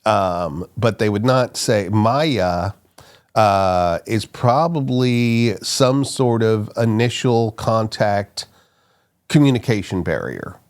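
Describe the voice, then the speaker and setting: A middle-aged man, an archaeologist guest, telling stories in a casual interview, animated and quick to laugh. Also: on the low side. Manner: animated, laughs often, restarts sentences.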